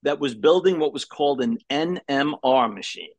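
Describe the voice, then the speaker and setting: A middle-aged man, a guest, telling a story in a relaxed, conversational way, with fillers and small restarts. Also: mid-range voice, moderate pace, no echo. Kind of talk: casual storytelling.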